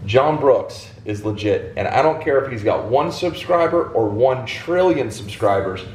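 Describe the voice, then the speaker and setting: A man's voice: medium pitch, lively intonation, unhurried, a little hiss or hum. A man, talking casually and emphatically to viewers while cooking at home. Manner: emphatic, folksy, talks straight to viewers. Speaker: fishing channel host cooking for a guest. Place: home kitchen, indoors. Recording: echoey kitchen. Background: food sizzling in a pan.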